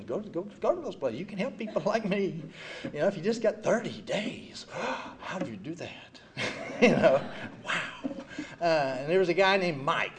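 An older man speaking at a recovery meeting, giving an animated, self-mocking personal testimony full of "you know.". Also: a little high.

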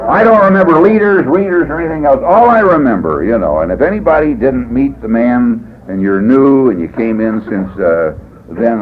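Man, recovery meeting speaker, folksy rambling testimony, wry humor, narrow tinny sound, light hiss. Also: medium pitch. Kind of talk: personal testimony talk. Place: meeting room. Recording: tinny lo-fi tape with faint hiss.

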